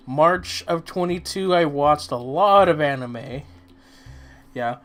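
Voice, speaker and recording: Slow-talking slightly hoarse man. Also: on the high side, a bit bright, soft background music. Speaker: co-host. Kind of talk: casual chat.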